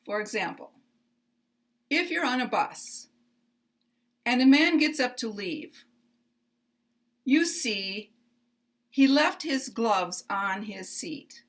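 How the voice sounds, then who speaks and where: Slow, deliberate American woman teacher. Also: fairly high pitch, animated. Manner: deliberate, clearly enunciated, with pauses. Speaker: pronunciation teacher. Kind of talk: slow, careful English lesson.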